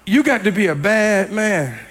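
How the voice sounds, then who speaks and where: High-voiced man preaching with fire. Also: a little slow, a faint crowd. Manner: animated, repetitive, often shouting. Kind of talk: storytelling sermon.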